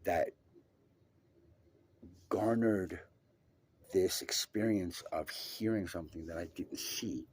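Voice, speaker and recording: A man telling a personal story in an emphatic, profane way, swinging between loud and hushed. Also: low-pitched, slow pace, pauses often, husky.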